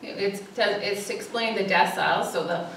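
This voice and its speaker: A woman who is a social worker gives a public talk with slides, telling a story and acting out cries for help, with many fillers and pauses. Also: medium pitch, a bit bright, slight background noise. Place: church hall. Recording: echoey hall, distant mic.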